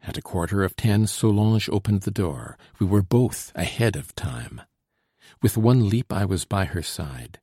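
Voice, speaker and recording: A man narrating a classic novel in the first person, in a measured, old-fashioned storytelling manner. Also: lowish voice, animated, dark tone, breathy edge, dry recording, clean studio sound. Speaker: audiobook narrator. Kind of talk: scripted narration.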